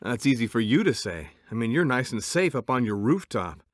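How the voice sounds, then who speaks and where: A man's voice: mid-range voice, big pitch swings, fairly quick, noisy background, close to an everyday voice. An actor playing a tough, sardonic male paranormal investigator in a video game, speaking tersely. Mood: dry. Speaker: game character.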